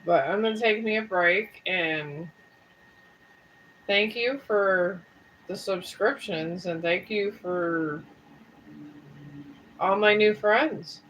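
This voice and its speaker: A woman live streaming as a tarot reader talks slowly in a mid-range, slightly bright voice, pausing often. Casual, rambling and folksy, she speaks directly to viewers, a bit tired with a sore throat, over poor audio with a little hiss or hum.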